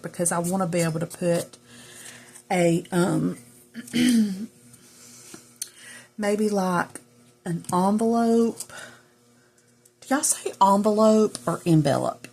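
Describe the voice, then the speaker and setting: Slow, gravelly Southern woman chatting. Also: fairly low pitch, darkish tone. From Southern United States. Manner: rambling, chatty, talks to viewers directly. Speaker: journaling vlogger. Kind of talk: casual chat while crafting.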